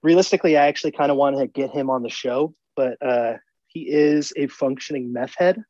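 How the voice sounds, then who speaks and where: A man's voice: medium pitch, fairly quick, darkish tone, no room sound. A man co-hosting a podcast, telling rambling stories and quoting people in casual chat. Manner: rambling storyteller, quotes people. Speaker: podcast co-host. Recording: dry, dull lo-fi sound.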